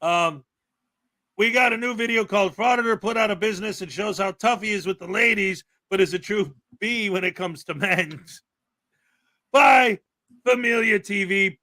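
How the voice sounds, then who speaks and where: A man hosting a casual livestream commentary show, his voice high and bright. He talks loosely, with plenty of fillers and easy laughter. The sound is dry and close. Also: no echo. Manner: chatty, with frequent fillers and laughter. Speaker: livestream host.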